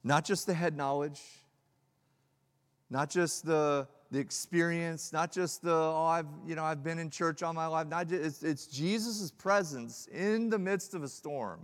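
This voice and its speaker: A male pastor preaching a sermon, swinging from loud emphatic peaks to hushed, low lines. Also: a little slow. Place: church hall. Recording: long hall reverb.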